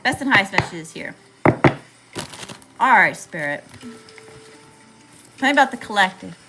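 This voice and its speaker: A woman's voice: medium pitch, expressive, a little slow, background noise. A woman with a Southern US accent giving a chatty, slangy live tarot reading to viewers, calling them y'all. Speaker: tarot reader.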